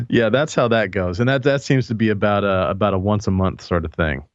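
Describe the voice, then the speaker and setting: A man co-hosting a live talk show in casual chat, halting and repeating words as he tells a story. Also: on the low side, dry recording. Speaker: co-host. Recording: dull lo-fi mic sound.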